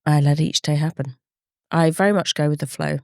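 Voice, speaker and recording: A middle-aged woman with a slightly low voice talks through hard memories in an interview, earnest and reflective. She often slips into quoted speech as she recalls conversations. The sound is close and dry, with no room around it. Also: fairly even intonation, fairly quick, gravelly, a little mellow, no echo. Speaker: campaigner guest. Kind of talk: candid interview talk.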